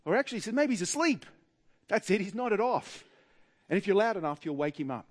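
A man with an Australian accent preaching a sermon in a wry, humorous way, with dramatic pauses. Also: sits high, lively intonation.

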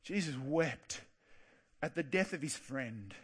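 A man preaching a sermon earnestly, slowing down to stress key words. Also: mid-range voice, expressive, husky. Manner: earnest, slows down for emphasis.

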